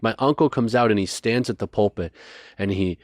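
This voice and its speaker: A man telling a story as a guest in a conversation, animated and rushing through details. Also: fairly low pitch, no room sound, studio quality. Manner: animated, fast bursts of detail.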